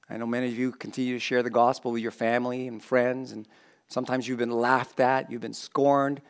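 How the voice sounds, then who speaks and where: A man's voice: medium pitch, vocal fry. A man preaching a sermon to a congregation in a conversational way, joking with people in the front rows. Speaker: pastor.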